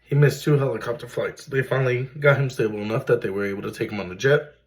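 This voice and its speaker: A man's voice: medium pitch, fairly even intonation, fast talker, rough recording. A man, earnestly telling his own emotional story as a father, with many fillers. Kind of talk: personal storytelling to camera.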